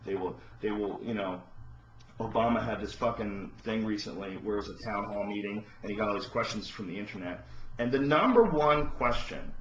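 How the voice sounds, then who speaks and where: A man hosting a podcast, delivering a profane, impassioned monologue that rises into near-shouts. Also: on the low side, a little hiss or hum. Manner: profane, ranting, rising to shouts. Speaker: podcast host. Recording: roomy, dull lo-fi podcast audio.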